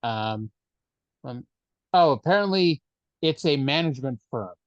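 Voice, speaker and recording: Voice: medium pitch, lively intonation, measured pace, no echo, dull audio. A podcast co-host in casual chat, speaking dryly and hesitantly with many fillers. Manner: dry, hesitant, lots of fillers.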